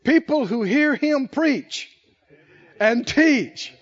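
A man's voice: very high-pitched, lively intonation, drawn-out words. A man preaching a conversational sermon, asking his listeners questions and chuckling between his points. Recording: dull lo-fi sermon recording.

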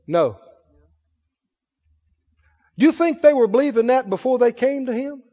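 High-voiced man preaching a sermon. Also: lively intonation, dark tone. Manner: asks the congregation rapid questions. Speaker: pastor. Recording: dull recording in a reverberant hall.

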